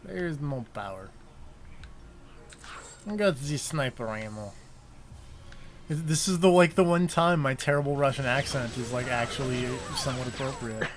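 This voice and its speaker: A man's voice: medium pitch, lively intonation, normal speed, long pauses, noisy background. A young man with a nasal, congested voice, chatting casually while playing a video game on stream. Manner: chatty, reacting out loud to the game. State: congested from allergies. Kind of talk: casual gameplay commentary.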